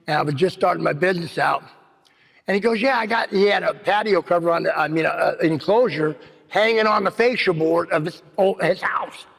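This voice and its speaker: A man's voice: on the high side, brisk, gravelly, a bit bright. A man giving a rambling personal recovery share at a meeting, full of "you know what I mean.". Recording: long hall reverb.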